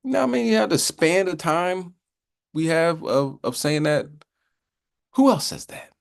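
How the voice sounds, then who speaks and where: A man's voice: fairly high pitch, animated, moderate pace, vocal fry, clear, resonant tone. A man teaching a casual Bible class in a loose, chatty way, often asking "you know what I mean" and slipping into joking voices to act out sayings.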